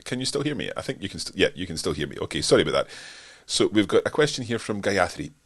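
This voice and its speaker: A man's voice: low-pitched, sing-song, fast, slightly rough. A man with a Scottish accent and a stuffed-up nose, answering viewer questions in a live webinar, hesitant with frequent restarts. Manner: hesitant, many restarts and fillers.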